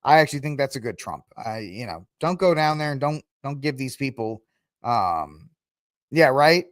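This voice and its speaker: A man's voice: mid-range voice, animated, normal speed, no room sound, studio quality. A man hosting a news commentary podcast, reading headlines and breaking into sarcastic, rambling asides. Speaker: podcast host.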